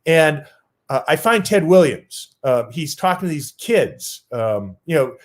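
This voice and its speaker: A man's voice: on the high side, very animated, a little slow. A man telling a personal story on stage in a loose, casual way with lots of filler words.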